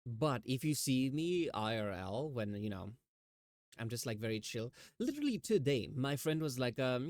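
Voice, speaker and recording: A male streamer chatting at a mid pitch, talking in a yappy, lively way and slipping into quick put-on voices as he tells stories. He sounds close to the mic with a dry sound and no room echo. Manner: chatty, animated storytelling with mimicked voices. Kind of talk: casual chat.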